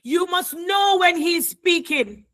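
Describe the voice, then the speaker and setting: Woman preaching, high bright voice, slow and fervent, shouts n repeats lines. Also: lively intonation. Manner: fervent, repeats phrases, often shouts to the congregation. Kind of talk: sermon.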